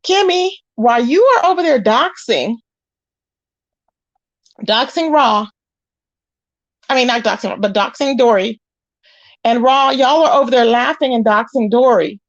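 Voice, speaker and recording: A woman's voice: a little high, animated, a little slow, long pauses, no room sound. A woman doing casual live-stream commentary, reading chat aloud in a sassy way, calling viewers child and honey. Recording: dull lo-fi, dry.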